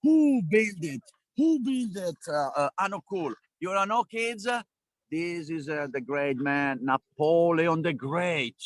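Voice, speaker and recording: Playful high-voiced man guiding outdoors. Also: animated, slow, dry recording. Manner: playful, enthusiastic, non-native English. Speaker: local tour guide. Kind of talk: casual outdoor travel vlog talk to kids. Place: outdoors in a city square.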